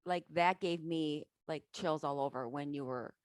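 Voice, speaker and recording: A woman's voice: low voice, moderate pace, no room sound. A woman hosting an interview, encouraging her guest and asking long, winding questions. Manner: warm and encouraging, asks long rambling questions. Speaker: host.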